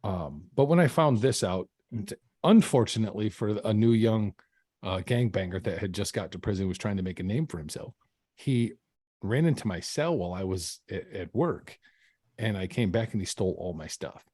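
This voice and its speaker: Brief: low-pitched man, earnest guest storytelling, dry close sound. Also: animated, normal speed, a little mellow, no echo. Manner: earnest, reflective, with repeated restarts. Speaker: podcast guest. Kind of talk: casual storytelling.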